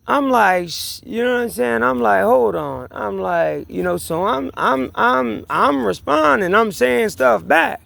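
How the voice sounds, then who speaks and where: A man's voice: high-pitched, creaky, fairly bright tone. A man telling a story in a rambling personal rant, agitated and profane, repeating himself and restarting sentences. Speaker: vlogger.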